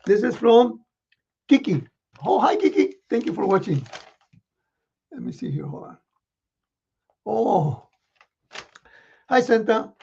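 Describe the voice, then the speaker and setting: A man playing Santa Claus, reading children's letters with a folksy chuckle and many pauses. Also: sits high, very animated, vocal fry, mellow, husky, muffled recording. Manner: chuckling, folksy, halting with fillers.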